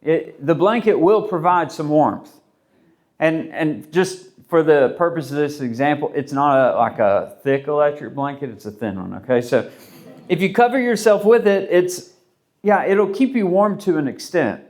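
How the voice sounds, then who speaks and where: A man's voice: a little high, lively intonation, moderate pace, darkish tone. A man preaching a sermon as pastor, in a conversational, rambling way with many restarts and rhetorical questions.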